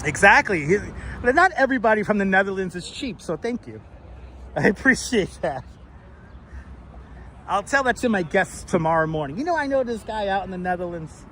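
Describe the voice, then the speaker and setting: A man's voice: high voice, very animated, normal speed, pushed and bright, a little hiss or hum. A man hosting a casual live stream outdoors in a city, talking loosely with swearing and frequent laughs. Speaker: live-stream host and tour guide. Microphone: wireless clip-on mic.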